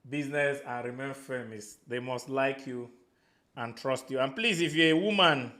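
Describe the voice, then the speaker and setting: Animated Nigerian man, echoey room. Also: a little high. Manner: animated, acts out voices, Pidgin asides. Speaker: real estate coach answering questions. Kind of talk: motivational Q&A talk.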